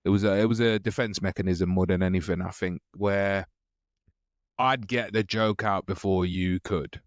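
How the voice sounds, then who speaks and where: A stand-up comedian guest chatting on a podcast in a relaxed, joking way. His voice sits low for a man, and the recording is close and dry with no room sound. He mocks himself with an easy drawl. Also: normal speed, dry recording. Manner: laid-back, joking, self-mocking. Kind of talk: casual podcast chat.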